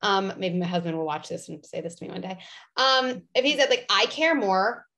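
A woman in her thirties speaks as a guest in a conversational interview. Her voice sits at a middle pitch, and she talks in an animated way, packed with "like" and "you know". Now and then she acts out other people's voices. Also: fairly quick, creaky. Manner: animated, filler-heavy, acts out quoted voices. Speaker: guest psychologist.

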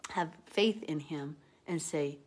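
A woman's voice: sits low, takes it slowly. A woman reading scripture aloud and commenting on it in an earnest, heartfelt, conversational way. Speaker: Bible teacher.

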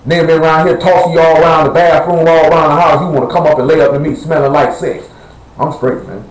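A man's voice: on the high side, level tone, fast talker, reverberant, a crowd in the background, low-quality recording. A man preaching a sermon to his congregation in a blunt, conversational way, questioning the listeners directly. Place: church assembly hall.

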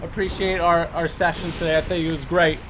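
A young man hosting a game live stream, chatting casually and giving quick, upbeat shout-outs with some stumbles. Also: a little high, flat delivery, noisy background. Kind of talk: casual live-stream chat, reading out super chats.

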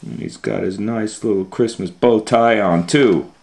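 A man hosting a children's storytime and reading a picture book aloud in an expressive way, swinging from loud scolding calls to hushed asides. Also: fairly low pitch, measured pace, creaky.

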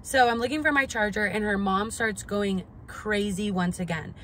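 A woman's voice: medium pitch, moderate pace, fairly bright tone, a little hiss or hum. A young woman telling a storytime vlog story in a blunt, profane way, full of "like" and "literally", sounding indignant and incredulous. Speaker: vlogger.

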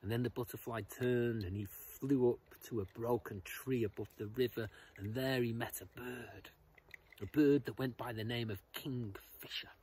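Expressive male storyteller with smooth voice. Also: medium pitch, moderate pace, low-quality recording. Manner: expressive, shifts between loud and whispered. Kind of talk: storytelling for children.

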